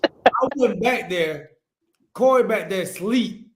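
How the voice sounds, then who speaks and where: High-voiced man, laid-back storyteller. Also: expressive, slow pace. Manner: laid-back, chuckling, greets viewers mid-story. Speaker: podcast co-host. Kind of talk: casual storytelling chat.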